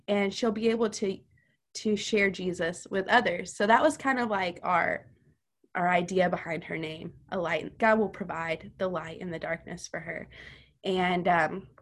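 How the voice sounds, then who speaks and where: A woman's voice: medium pitch, fairly bright tone. A woman speaks as a podcast guest, recounting a personal testimony. She is earnest and chatty, and her sentences keep running on with fillers.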